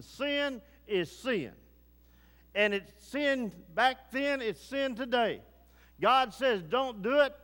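A man preaching a sermon with fervent delivery, moving between low grave tones and rising urgency. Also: sharp tone, long reverb tail.

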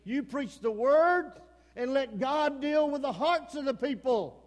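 High-voiced fiery East Texas preacher. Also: male voice, expressive, a little slow. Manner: impassioned preaching, swings between shouting and low earnest talk. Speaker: pastor. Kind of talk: fiery sermon. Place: church sanctuary. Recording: long hall reverb.

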